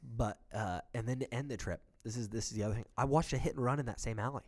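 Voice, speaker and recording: Casual male storyteller, lively and profane, mimics the people in his story. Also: mid-range voice, fast talker. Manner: animated, swearing, acts out quotes of others.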